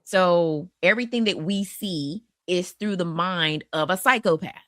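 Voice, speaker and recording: A woman with a slightly low voice talks through horror films on a podcast. She is animated, restarts her sentences often and acts out the lines she quotes. The sound is dry and close to the mic. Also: measured pace, no echo. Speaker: podcast co-host. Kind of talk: casual horror film discussion.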